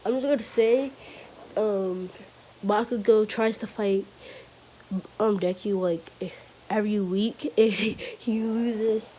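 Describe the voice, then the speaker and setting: A woman's voice: mid-range voice, fairly even intonation, slow, long pauses, dark tone. A woman improvising a fan-fiction story, rambling and correcting herself as she goes, with fillers and small giggles.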